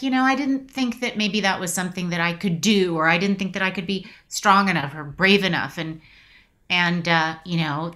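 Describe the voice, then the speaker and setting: A woman's voice: medium pitch, a bit bright. A woman in her forties, an actress being interviewed, speaking reflectively with many restarts and getting choked up. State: emotional, choked up. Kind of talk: casual video interview.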